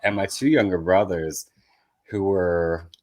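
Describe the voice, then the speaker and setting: Deep-voiced man telling candid stories. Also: measured pace, darkish tone. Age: young adult. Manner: candid, self-deprecating, acts out family voices. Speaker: comedian guest. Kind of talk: casual storytelling on a podcast.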